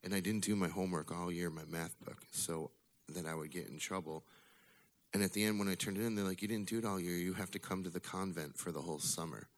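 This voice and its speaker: Storyteller: man, low voice with a creaky grit, casual and wry, swears freely, live bar story night. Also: fairly even intonation, fast. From Illinois. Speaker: storyteller at a bar open mic.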